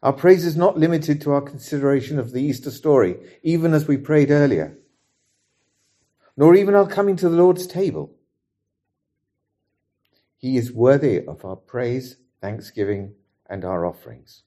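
A man preaching a sermon in a measured, earnest way, reading scripture aloud and leading the congregation in prayer. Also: mid-range voice, warm tone.

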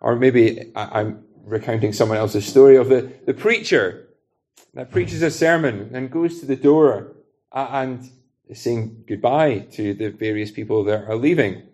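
A man's voice: medium pitch, a little slow, a little mellow. A man from Britain preaching a sermon in an earnest, conversational way, using everyday illustrations.

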